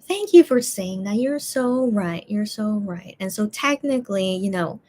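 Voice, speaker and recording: Rambling woman chatting with her stream. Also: unhurried. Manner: rambling, repeats words, lively swings in pitch. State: tired, full from eating. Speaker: streamer reading chat. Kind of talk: casual eating and chatting stream.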